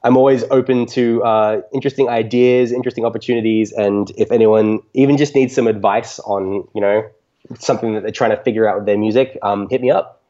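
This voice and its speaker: A man's voice: lowish voice, steady tone, fairly quick, dark tone, dull audio. A man being interviewed on a podcast, answering reflectively with many ums and restarts. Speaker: music podcaster, guest.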